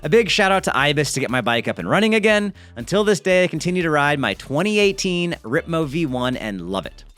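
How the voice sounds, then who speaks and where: A man's voice: a little high, a little fast, few pauses, faint music behind. A man hosting a mountain bike video, reading a viewer's story aloud with chatty, joking asides. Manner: lively, chatty, jokey asides.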